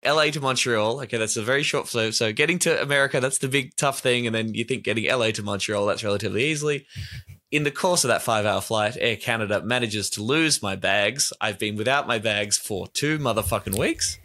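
A man riffing as a podcast co-host, his voice bright and forceful. He talks in an animated, jokey way and swears freely. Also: fairly low pitch, a little fast. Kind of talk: casual comedic chat.

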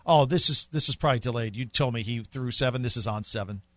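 A man's voice: mid-range voice, quick pace, a bit bright, no room sound. A young man co-hosting a radio show, chatting casually and teasing while calling golf shots in passing. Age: young adult. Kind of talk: casual sports radio chat.

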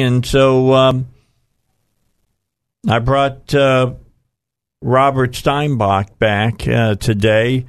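A man's voice: medium pitch, steady tone, drawn-out words, pauses often, clean tone, no room sound. A man hosting a radio talk show, folksy and rambling with frequent fillers.

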